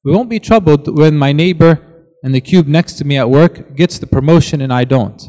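Man preaching, earnest and slightly high-voiced, long church reverb. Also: mellow. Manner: earnest, reads scripture aloud with rising emphasis. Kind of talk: sermon.

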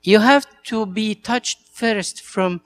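Earnest gravelly priest, Egyptian accent. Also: male voice, sits high, slow pace. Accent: Egyptian Arabic. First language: Arabic. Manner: earnest, storytelling, broken English. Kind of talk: talk to church servants.

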